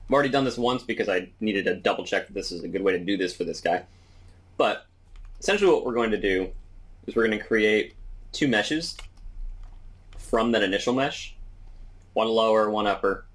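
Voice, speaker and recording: A man teaching 3D modeling, calmly talking through each step as he works in a screen-recorded tutorial. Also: on the low side, normal speed, long pauses. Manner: relaxed step-by-step explaining while working. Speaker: 3D modeling instructor.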